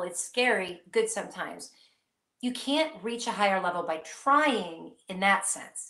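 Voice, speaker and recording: A woman's voice: medium pitch, a bit bright. Reassuring woman in an echoey room. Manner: earnest, reassuring, speaks directly to viewers. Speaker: psychic host answering viewer questions. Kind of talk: live-stream question-and-answer chat.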